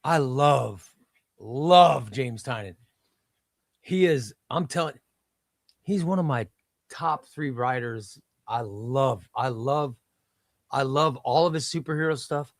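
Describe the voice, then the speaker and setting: A man's voice: medium pitch, slow pace, pauses often, no echo, clean studio sound. A man hosting a live stream, chatting about comics, reading chat aloud and repeating himself.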